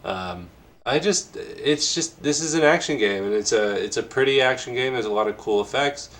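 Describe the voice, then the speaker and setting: A man's voice: medium pitch, normal speed, fairly bright tone. A man co-hosting a casual game discussion, rambling and hesitant, with many fillers and restarts. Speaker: podcast co-host. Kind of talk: casual conversation about games.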